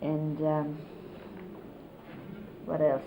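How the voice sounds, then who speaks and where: This middle-aged disciple's voice sits low, her delivery completely flat and her words drawn out. Reminiscing casually about a spiritual teacher, she explains hand gestures amid frequent fillers. The audio is dull, faintly hissing 1970s videotape.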